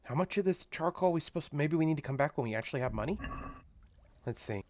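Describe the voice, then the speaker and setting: A man's voice: a little high, lively intonation, quick pace, darkish tone. A man streaming a medieval game, thinking aloud and making wry asides about what happens on screen. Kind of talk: casual let's-play commentary.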